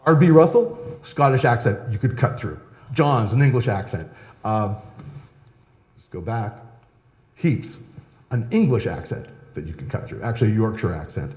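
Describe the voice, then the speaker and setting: A man's voice: on the low side, lively intonation, moderate pace, darkish tone, dull audio. A male historian giving a live lecture, chatty and conversational, often checking in with "right?". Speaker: historian giving a public talk. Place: historical society lecture room. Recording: echoey hall, long reverb.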